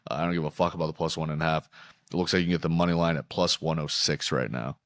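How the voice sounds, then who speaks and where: A young man hosting a podcast, chatting casually about sports betting with profane, animated storytelling. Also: extremely low pitch, very fast, no echo, studio quality. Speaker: podcast host.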